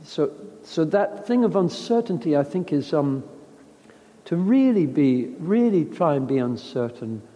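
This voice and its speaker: A middle-aged man talks about his acting craft in a rambling, reflective way, circling back and restarting his thoughts. His voice sits fairly high and has a mellow, warm tone. The recording carries a long, lingering reverb. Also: big pitch swings, a little slow. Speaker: actor. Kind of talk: casual interview talk.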